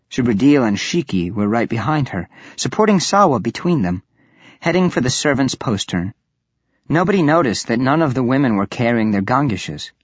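A man giving steady, even scripted narration of a fantasy audiobook. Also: medium pitch, breathy edge, dry recording. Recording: dull lo-fi audiobook recording.

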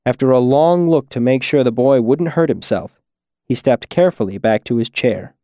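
A man narrates a first-person audiobook in a measured, quiet reading. His voice sits at an ordinary middle pitch, and the recording is close and dry with no room sound. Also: no room sound.

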